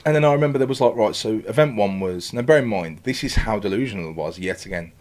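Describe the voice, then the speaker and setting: A man on a podcast, talking quickly in a fairly low voice. He tells his story with lively energy and drops into his own past voice to act out what he was thinking. He swears often and loosely, in a relaxed chat. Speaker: podcast guest. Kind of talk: casual podcast interview.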